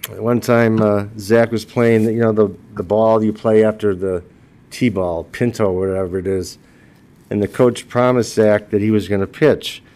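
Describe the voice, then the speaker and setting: A man's voice: fairly low pitch, steady tone, a little slow, darkish tone. A man in his sixties giving a eulogy for his wife, telling humorous personal stories and laughing at his own jokes. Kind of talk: funeral eulogy told as personal anecdotes.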